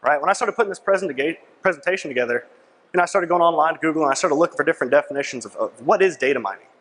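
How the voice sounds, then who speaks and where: A man's voice: a little high, animated, racing, fairly bright tone. A young man giving a persuasive sales presentation at a conference, punchy and repetitive, often asking "right?" to the crowd. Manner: punchy, repeats key lines. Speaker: conference speaker. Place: large conference hall. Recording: long reverb of a big hall.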